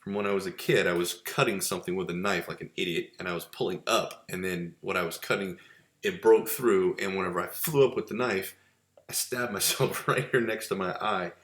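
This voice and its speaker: A man's voice: sits low, fairly even intonation, a little fast, fairly bright tone. A man giving a casual lecture in a conversational, rambling way, full of fillers and restarts. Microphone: webcam with filter. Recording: echoey room.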